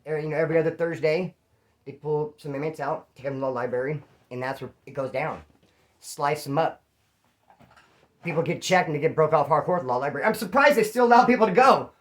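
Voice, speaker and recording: A former inmate tells stories in a casual, profane, slang-heavy way, acting out other people's lines as he goes. His voice is a little high and a bit bright, and he talks at a quick pace.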